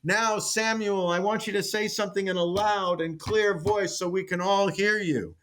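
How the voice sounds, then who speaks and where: A man's voice: sits high, fairly even intonation, normal speed, a bit bright, a little hiss or hum, voice pushed up. A man voicing a male faith healer who calls out to a tent crowd like a showman. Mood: preaching.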